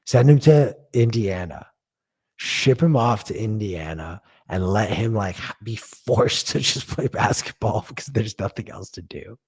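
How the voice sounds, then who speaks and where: A man's voice: on the low side, expressive, unhurried, darkish tone, husky. A man co-hosting a casual sports podcast, blunt and profane, ranting and laughing at his own jokes. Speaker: podcast co-host.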